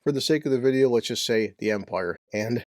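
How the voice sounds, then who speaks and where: A man's voice: mid-range voice, fairly quick, no room sound, clean studio sound. A man giving a casual, brash, joking movie review with some profanity.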